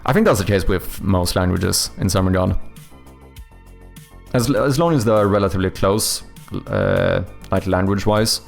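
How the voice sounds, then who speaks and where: A man speaks with a mild Swedish accent in a fairly low, gravelly voice as he chats on a live stream from his home setup. He hesitates, restarts and corrects himself mid-sentence while answering viewers. Faint music plays underneath. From Sweden. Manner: halting, self-correcting, thinks aloud while answering chat. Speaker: streamer and game developer. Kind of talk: casual live-stream chat.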